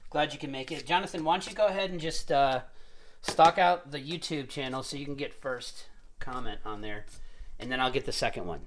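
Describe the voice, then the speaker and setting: A man's voice: medium pitch, brisk, slight background noise. A man hosting a casual home cooking show, chatting and joking as he cooks. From Irish family roots. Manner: jokey, rambling, chatty. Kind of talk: casual live-stream cooking demo.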